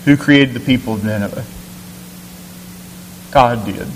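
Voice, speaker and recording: A man's voice: medium pitch, measured pace. Preaching man in an echoey hall. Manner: teaching, rhetorical questions, repeats words as he restarts. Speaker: pastor. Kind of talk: sermon. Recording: echoey hall, faint hiss.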